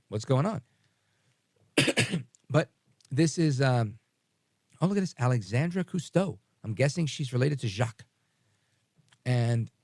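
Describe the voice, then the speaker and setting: A man's voice: mid-range voice, gravelly, a little mellow, no room sound, studio quality. A man hosting a radio talk show, chatting casually with joking, self-deprecating asides.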